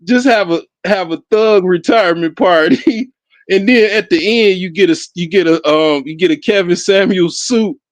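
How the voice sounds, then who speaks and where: A man's voice: high voice, moderate pace, dry recording. A man hosting a solo talk show, rambling and profane, laughing often and restarting his sentences. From Africa. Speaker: podcast host. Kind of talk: casual solo commentary.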